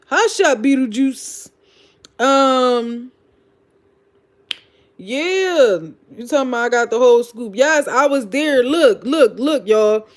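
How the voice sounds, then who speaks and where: A woman's voice: high voice, lively intonation, slow. A woman with a Philadelphia accent hosting a casual livestream, reading comments and telling gossipy stories in a loose, profane, blunt way. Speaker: livestream host.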